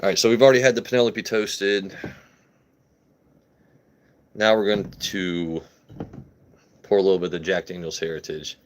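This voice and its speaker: A man's voice: low voice, steady tone, moderate pace, long pauses, slight background noise. A young man hosting a casual whiskey livestream, joking crudely and answering his chat as he pours.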